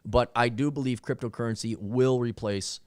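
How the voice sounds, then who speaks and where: A man chatting casually in a studio, telling animated stories and acting out quotes. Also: medium pitch, moderate pace, clean tone, dry recording. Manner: animated storyteller, acts out quotes. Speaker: guest. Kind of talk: casual chat.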